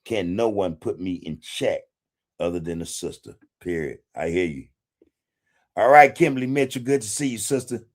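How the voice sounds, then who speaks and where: A man's voice: low-pitched, lively intonation, normal speed. A man hosting a casual livestream, reading chat comments in a laid-back way, swearing freely and chuckling often. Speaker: podcast host reading live chat.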